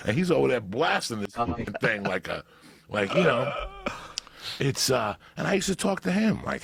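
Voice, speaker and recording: A man telling profane stories in a casual podcast chat, loud and laughing. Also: medium pitch, very animated, moderate pace, creaky. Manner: profane, loud storyteller who breaks into laughter. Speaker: podcast guest.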